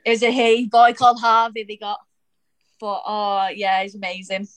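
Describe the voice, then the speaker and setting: A woman's voice: medium pitch, completely flat delivery, normal speed, a crowd in the background, rough recording. Chatty, giggly woman footballer guest. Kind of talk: casual interview chat.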